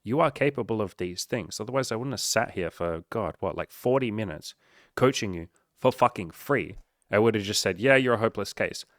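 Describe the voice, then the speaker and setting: A man's voice: on the low side, expressive, moderate pace, dry recording, studio quality. A man giving a blunt, profane tough-love coaching monologue to camera as a dating coach.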